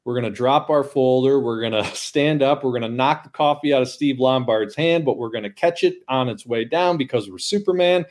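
A man co-hosting a podcast, chatting casually and enthusiastically about comic art, breaking into excited exclamations. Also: mid-range voice, fairly quick, hardly any pauses. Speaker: podcast co-host.

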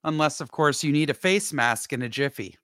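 A woman's voice: sits low, expressive, brisk, a bit bright, no room sound, clean studio sound. A woman co-hosting a podcast, reading a news story aloud with dramatic, sarcastic commentary. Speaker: podcast co-host.

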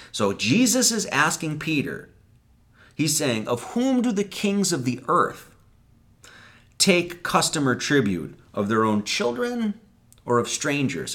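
Casual male preacher, lively intonation, talky Bible-study sermon that acts out the quotes. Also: mid-range voice. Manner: conversational, acts out quoted lines, swears casually.

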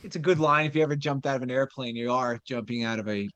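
A man's voice: medium pitch, quick pace, fairly bright tone, no echo. Laid-back man, dry close mic. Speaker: podcast co-host. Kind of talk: casual movie chat.

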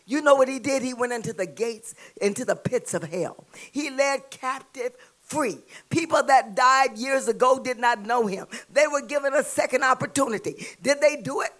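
A woman preaching a sermon with a Southern US accent, calling out to the congregation and building to shouts. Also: sits high, moderate pace. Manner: call-and-response preaching, rising to shouts.

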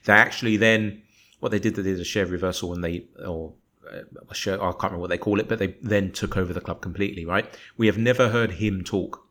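A man's voice: low-pitched, fast talker. A man, co-hosting a casual football podcast, arguing his point in long rambling runs and acting out imagined conversations. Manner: animated, rambling, acts out imagined dialogue. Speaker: podcast co-host.

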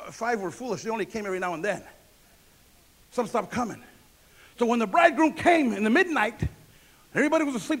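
A male pastor preaching a sermon, emphatic and repetitive, asking the congregation questions and answering them himself. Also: very high voice.

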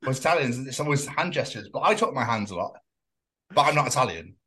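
A man's voice: mid-range voice, very animated, fast talker, pushed and bright. A man co-hosting a casual comedy podcast chat, swearing freely and laughing often. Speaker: podcast co-host.

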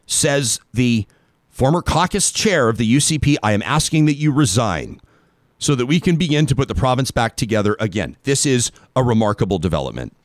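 A man's voice: mid-range voice, no echo, clean studio sound. Emphatic, sarcastic male talk radio host. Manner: emphatic, sarcastic, dramatic pauses on key words. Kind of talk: political commentary monologue.

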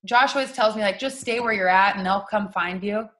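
A young woman co-hosting a podcast in casual chat, frank and quick to swear, laughing often. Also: medium pitch, bright, forceful tone. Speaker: podcast co-host.

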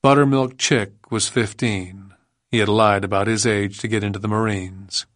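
A man reading a non-fiction audiobook as narrator, in a measured, grave storytelling manner. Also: lowish voice, fairly even intonation, a bit bright, no echo, clean studio sound. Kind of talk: scripted narration.

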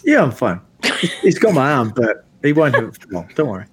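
A man's voice: medium pitch, big pitch swings, fairly quick, breathy edge. A man playing his character in a tabletop game, breezy and joking. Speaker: player.

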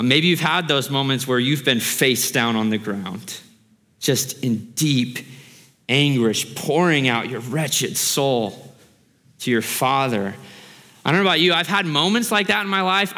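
A man's voice: on the high side, pushed and bright, big-room sound. A man preaching a sermon as a pastor, earnest and growing impassioned, asking the congregation rhetorical questions.

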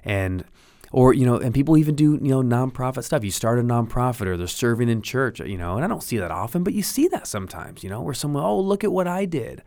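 A man's voice: mid-range voice, lively intonation, fast talker, darkish tone, dry recording. A middle-aged man hosting a podcast, talking earnestly in a slightly preachy, encouraging monologue close to the mic. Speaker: podcast host.

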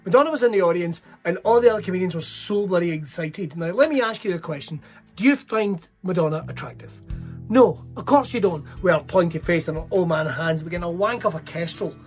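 A Scottish man doing stand-up, telling stories in a sweary, animated way. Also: high-pitched, brisk, soft background music. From Scotland. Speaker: stand-up comedian. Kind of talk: stand-up routine.

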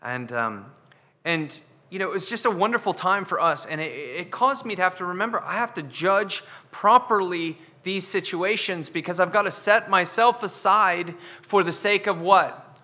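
Bright-voiced pastor man, hall reverb. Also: high-pitched, moderate pace. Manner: earnest, repeats words when building a point. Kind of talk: sermon. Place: church sanctuary.

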